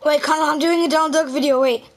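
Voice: sits high, fairly even intonation, fast. A young gamer recording a gaming video at home, bossy and scolding. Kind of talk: gaming commentary skit. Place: indoors at home.

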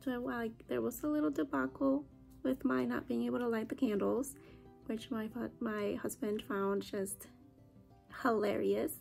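A woman's voice: on the high side, fairly even intonation, a little slow, vocal fry, darkish tone, faint music behind. A young woman chatting casually to the camera at home, saying "like" a lot. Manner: chatty, says "like" often. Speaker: vlogger. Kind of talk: casual vlog chat. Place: at home after a family visit.

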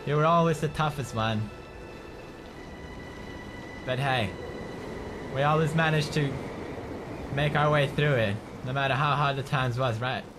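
A man commentating a game playthrough, excitable and swearing often as he talks to his companion. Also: mid-range voice, a little slow, long pauses. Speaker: gaming video host. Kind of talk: let's play commentary. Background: game music.

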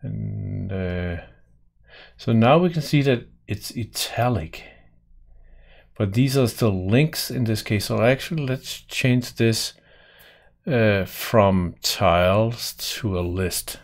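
A man's voice: on the low side, slow, gravelly. A man giving a casual screen-share coding tutorial, thinking aloud with lots of fillers and restarts. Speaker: software developer teaching coding.

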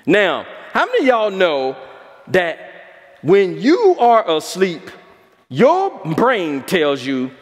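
A man's voice: high voice, sing-song, moderate pace. A man, a pastor, preaching a sermon by telling stories and asking the congregation questions. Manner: storytelling, asks the congregation questions. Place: church hall. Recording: long hall reverb.

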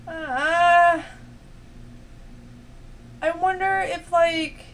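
A woman's voice: on the high side, animated, moderate pace, fairly bright tone, slight background noise. A young woman commentating her own gameplay, talking to herself, swearing and getting frustrated. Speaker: gaming let's play host. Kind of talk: let's play commentary.

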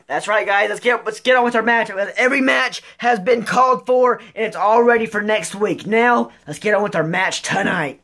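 A man giving excited wrestling play-by-play, swearing often and shouting on the big moves. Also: high voice, normal speed, gravelly, few pauses, faint music behind. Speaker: wrestling commentator and ring announcer.

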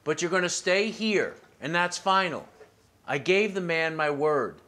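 An actor playing a middle-aged father and builder, gruff, firm and worried, in a film drama. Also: fairly high pitch, expressive, unhurried, sharp tone. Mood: stern.

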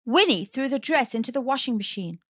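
A woman telling a children's story aloud, with a sing-song, expressive delivery, in a slightly muffled, dry recording. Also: sits high, a little fast, dry recording. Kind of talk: children's read-aloud narration.

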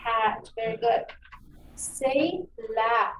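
A woman teacher giving a phonics lesson to children, encouraging and enunciating each sound clearly. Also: a little high, extremely slow. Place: meeting room. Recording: echoey room, distant mic, faint noise.

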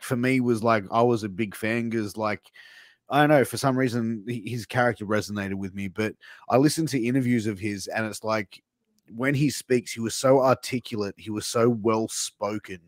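A man's voice: mid-range voice, moderate pace, dry recording. A man hosting a casual interview podcast, talking hesitantly with lots of fillers. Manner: hesitant, filler-heavy, eager. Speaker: podcast host.

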